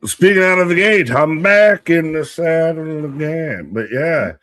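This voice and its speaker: A man co-hosting a live wrestling watch-along, rambling and animated, joking with the chat. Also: fairly high pitch, unhurried.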